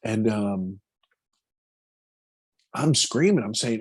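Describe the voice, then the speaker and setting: Man in his fifties, husky voice, dry close sound, halting earnest storytelling. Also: on the low side, big pitch swings, a little mellow, no echo. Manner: halting, repeats words, earnest. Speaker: film producer. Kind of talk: recounting a personal story in an interview.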